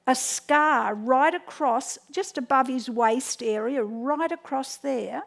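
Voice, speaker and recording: A woman's voice: high voice, gravelly. A middle-aged woman, teaching home remedies through chatty anecdotes with many restarts. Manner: storytelling, animated quotes, frequent restarts. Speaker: health educator.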